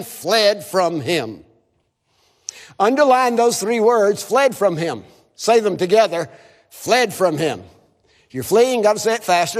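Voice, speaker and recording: A man preaches with a high, lively voice that swoops up and down as he leads the crowd in repeating lines. His sermon rings out through a hall with a long echo. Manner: animated, has the audience repeat phrases. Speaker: visiting preacher. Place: chapel service.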